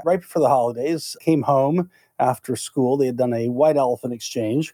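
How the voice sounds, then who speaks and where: Middle-aged man, podcast co-host, animated storytelling, mellow voice, dry sound. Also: mid-range voice, no echo. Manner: animated storyteller acting out quoted lines. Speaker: negotiation instructor.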